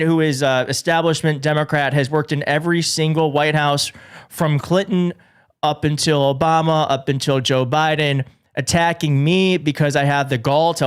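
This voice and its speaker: A man hosting a live political commentary show, excitable and jokey, often restarting his sentences. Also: on the high side, smooth. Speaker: show host. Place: studio in a big city.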